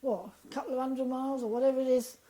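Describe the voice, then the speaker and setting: Bright-toned woman telling her story. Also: sits high, fast talker, rough recording. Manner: animated, acts out quoted dialogue. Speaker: interview guest. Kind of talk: conversational storytelling interview.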